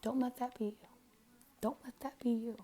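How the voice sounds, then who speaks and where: A woman's voice: fairly high pitch, fairly even intonation, moderate pace, warm tone. A young woman giving a casual birth chart reading, blunt and profane, with lots of fillers. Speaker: astrologer.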